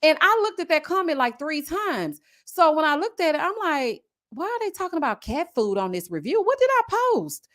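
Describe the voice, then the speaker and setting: A woman with a Southern US accent hosting a casual live-stream review, reading viewer comments and answering with sassy, animated asides. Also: high-pitched, a little fast, hardly any pauses. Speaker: reality TV review host. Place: home setup with a desk mic.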